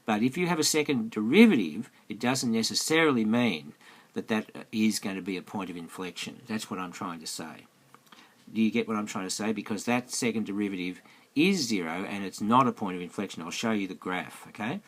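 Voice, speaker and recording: A man's voice: fairly low pitch, brisk. A man teaching maths in a screencast lesson, chatty and repetitive, often checking that students follow. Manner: chatty, repeats himself, asks students questions. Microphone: close mic over a tablet screencast.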